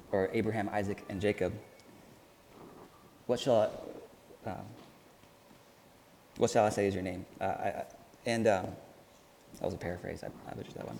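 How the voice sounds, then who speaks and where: A man preaches a sermon with a mellow, dark voice. He speaks earnestly and haltingly, often restarting his sentences. His voice carries a long reverb through the hall, with faint ambient noise behind it. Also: mid-range voice.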